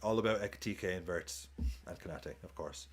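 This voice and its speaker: A man's voice: deep voice, moderate pace, breathy edge. A man streaming a live football watchalong, chatting casually, swearing, cheering goals and thanking viewers for tips.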